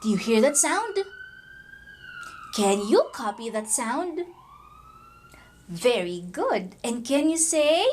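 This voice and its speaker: A woman's voice: high-pitched, big pitch swings, takes it slowly, long pauses. A woman teaching young children letter sounds, coaxing them to repeat in a sing-song way. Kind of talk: children's phonics lesson.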